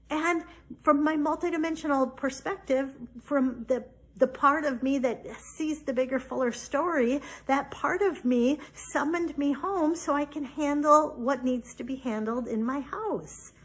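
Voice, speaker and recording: A woman in her forties hosting a podcast, telling a personal story in a chatty, animated way with many fillers. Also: high voice, a little slow. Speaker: podcast host. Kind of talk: personal story, casual spiritual talk.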